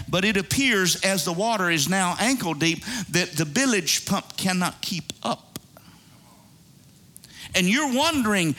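Bright high-voiced male preacher. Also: expressive, measured pace. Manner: conversational, calls out to the congregation. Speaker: pastor. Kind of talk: sermon.

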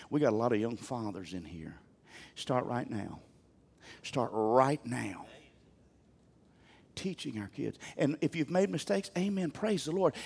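An older man, preaching a sermon as pastor in a folksy, animated way with humor. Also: mid-range voice.

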